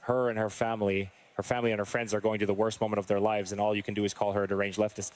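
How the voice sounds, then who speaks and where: A male political commentator with a somewhat low voice runs through the news in an online commentary. His reactions are blunt and exasperated. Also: flat delivery, very fast.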